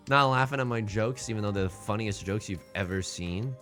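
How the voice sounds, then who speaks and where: A young man streaming a mahjong game, joking with his chat and reacting loudly to his hands. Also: medium pitch, quick pace, hardly any pauses, soft background music. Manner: jokey, animated, talks to chat and reacts loudly to tiles. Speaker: Twitch streamer. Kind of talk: casual live-stream commentary while playing mahjong.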